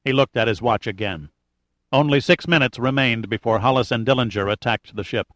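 A man reading an adventure novel aloud in steady, even scripted narration. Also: mid-range voice, a little fast, no room sound, clean studio sound. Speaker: audiobook narrator.

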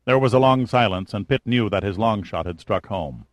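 A man reading an audiobook's narration in an even, measured way. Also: lowish voice, no echo.

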